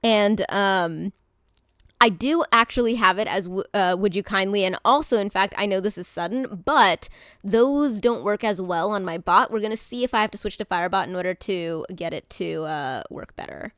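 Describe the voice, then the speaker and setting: A woman streaming live, talking casually to her chat in a rambling way, with many fillers and restarts and bubbly bursts of excitement. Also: medium pitch, normal speed, dry recording, studio quality.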